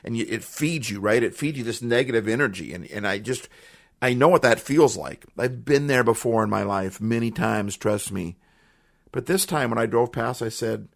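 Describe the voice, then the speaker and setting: A man hosts his podcast in an earnest motivational monologue, leaning on repeated phrases for emphasis. His voice sits low with a gravelly fry. He speaks into a studio microphone. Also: moderate pace. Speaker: podcast host.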